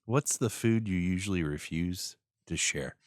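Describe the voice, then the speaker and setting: A man's voice: sits low, unhurried, no room sound, studio quality. A man hosting a casual podcast chat, asking random questions and laughing often. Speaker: podcast host.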